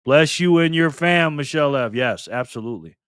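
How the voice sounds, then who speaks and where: A man talks casually on a live stream, greeting viewers one by one and joking with them in a light, teasing way. His voice sits a bit high for a man. The sound is close and dry, with no room echo. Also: lively intonation, brisk, fairly bright tone, clear, resonant tone. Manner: playful, teasing, greets chatters by name.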